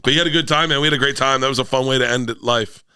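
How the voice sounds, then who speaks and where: Middle-aged comic, loud rambling raconteur, bright forceful voice, swears freely, acts out quotes, dry close sound. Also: male voice, medium pitch, fairly even intonation, very fast, smooth, dry recording. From Tampa, Florida. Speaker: podcast guest, comedian. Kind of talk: casual storytelling.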